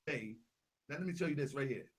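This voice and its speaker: A young man hosting a casual vlog, talking through a set of photos. He repeats himself a lot and grows louder and more animated as he gets worked up. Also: mid-range voice, a little fast. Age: young adult. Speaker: Grand Sheik and channel host.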